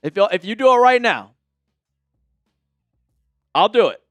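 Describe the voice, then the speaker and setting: Male livestream host, smooth high voice in a dry room, jokey chat with viewers. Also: very animated, measured pace, a bit bright, no echo, faint music behind. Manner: jokey, chatty, addresses viewers by name.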